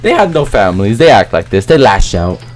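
A young man commenting on his own gameplay, talking in slangy, excitable, rambling trash talk. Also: lowish voice, fairly quick. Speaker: gaming YouTuber.

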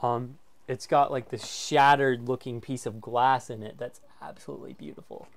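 A man's voice: medium pitch, fairly even intonation, moderate pace. A man casually presenting a walkthrough of a motorhome for sale, enthusiastic and full of fillers like "um" and "like". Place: inside a motorhome.

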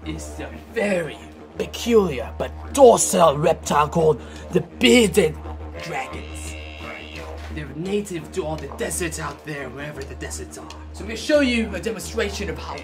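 A man putting on a brash Australian wildlife host. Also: fairly high pitch. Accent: put-on Australian. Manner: loud, showman-like, crude. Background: background music.

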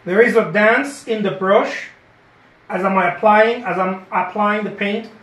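A man's voice: high voice, a little slow, a bit bright. A man giving a live painting lesson, chatty and encouraging, repeating his points and often asking "okay?". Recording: roomy echo.

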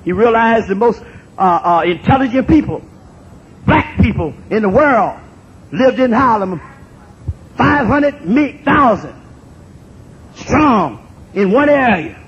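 A man in his sixties gives an impassioned public talk to an audience. He repeats phrases for emphasis and builds up to shouts. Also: big pitch swings, slow, long pauses. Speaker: speaker addressing an audience. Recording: dull lo-fi recording with faint rumble.

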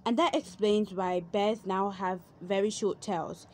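Woman storyteller, mid pitch, gentle clear read-aloud for kids. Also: steady tone, measured pace. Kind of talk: storybook reading for children.

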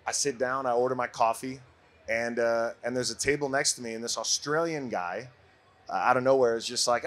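A man in his forties from Brooklyn, a podcast guest telling a story in a casual, animated way and laughing often. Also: mid-range voice, a little fast. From Brooklyn, USA.

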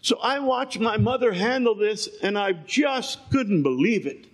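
An older man preaching a sermon, moving between shouted lines and quiet storytelling. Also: high-pitched, animated, measured pace, husky. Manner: swings from shouting to hushed storytelling. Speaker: pastor.

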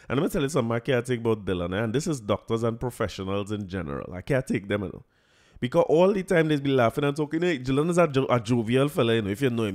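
A man with a Trinidadian accent hosting a podcast, telling a story in a lively, laughing, colloquial way. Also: mid-range voice, quick pace. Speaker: podcast host. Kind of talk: casual storytelling chat.

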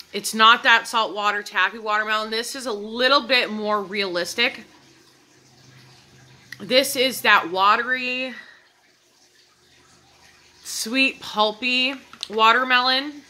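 A woman with a very bright, ringing voice talks casually to her viewers as she reviews candles. She is eager and chatty, and she keeps checking in with her audience. Her pitch sits in the middle for a woman. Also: poor audio. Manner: chatty, enthusiastic, addresses viewers as "you guys". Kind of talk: casual product review vlog.

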